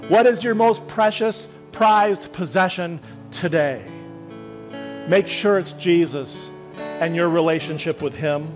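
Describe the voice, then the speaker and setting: A man preaching a sermon as a minister, telling a story dramatically and slowing down for emphasis. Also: high voice, faint music behind, rough recording.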